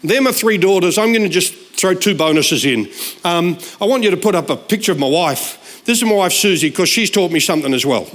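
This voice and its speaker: A man's voice: sits high, fairly quick. A man, preaching a humorous sermon full of stories and punchlines. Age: 60s. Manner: jokey, animated, shouts punchlines. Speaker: guest preacher.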